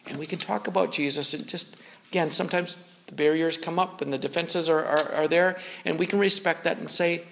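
A man with a notably high speaking voice delivers a sermon from the pulpit. He preaches in an earnest, conversational manner, often doubling back on words mid-sentence. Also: steady tone, fairly quick, vocal fry, fairly bright tone, slight background noise. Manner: earnest, conversational preaching with frequent word repeats. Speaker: pastor.

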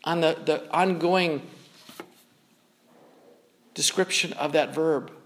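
A man's voice: on the high side, steady tone, slow pace, a little hiss or hum. A man preaching a sermon as pastor, speaking in an earnest, conversational way and often repeating words as he goes.

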